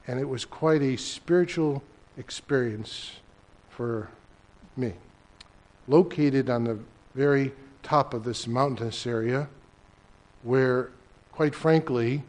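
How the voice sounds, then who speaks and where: An older pastor with a mid-range voice tells a story during his sermon, swinging from loud emphasis to hushed lines that are almost whispers.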